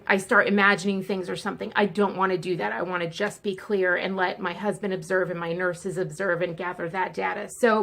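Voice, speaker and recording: A woman's voice: mid-range voice, gravelly, a bit bright. Woman vlogger, casual chat to camera, candid and chatty, in pain and fidgety. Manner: candid, chatty, speeding up and slowing down.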